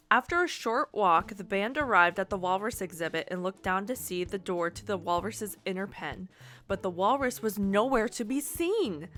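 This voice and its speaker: A woman reading a comic story aloud to friends, giggling and slipping into quick character voices. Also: medium pitch, a bit bright.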